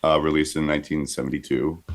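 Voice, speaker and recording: A man co-hosting a podcast, halting and hesitant, reading out facts in casual comedy banter. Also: rumbling low, flat delivery. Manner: hesitant, many uh fillers. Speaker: podcast co-host.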